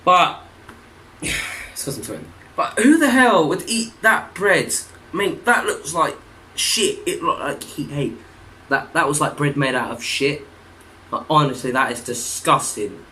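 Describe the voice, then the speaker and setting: A young man hosting a casual reaction video at home, swearing a lot with sudden loud outbursts. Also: a little high, unhurried, slight background noise, poor audio. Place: room at home, wearing a hat.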